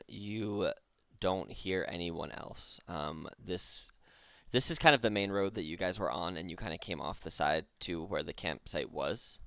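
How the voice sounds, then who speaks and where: A man running a tabletop game as game master, describing scenes in a relaxed, loose way with frequent laughs. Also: low-pitched, vocal fry, smooth, no room sound.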